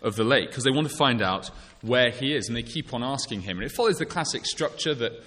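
A man delivers a Sunday evening sermon in a measured, conversational manner. He often pauses on a filler or restarts a phrase. His voice hangs in the long reverb of a church hall, at a middling pitch for a man. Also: expressive, fairly bright tone. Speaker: preacher.

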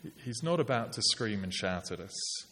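A man's voice: on the low side, lively intonation, normal speed, pushed and bright, husky. A middle-aged man preaching a sermon in a conversational way with wry asides. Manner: conversational, wry asides with put-on polite voices. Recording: long hall reverb.

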